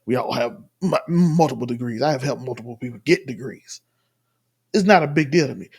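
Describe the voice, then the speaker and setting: A man's voice: medium pitch, lively intonation, brisk, darkish tone, slightly rough. A man from the Southern US giving rambling, emphatic casual commentary while reacting to a clip at home. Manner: rambling, emphatic, restarts often. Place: home room.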